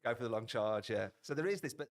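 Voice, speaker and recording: A British man chatting casually as a podcast guest about cars, with animated rises and quick asides. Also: mid-range voice. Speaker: podcast guest, car video creator.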